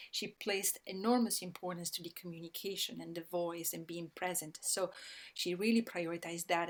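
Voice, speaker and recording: A woman with an Italian accent, a guest speaking reflectively in conversation, pausing often and restarting her phrases. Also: lowish voice. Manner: reflective, many pauses and restarts. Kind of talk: thoughtful conversational talk.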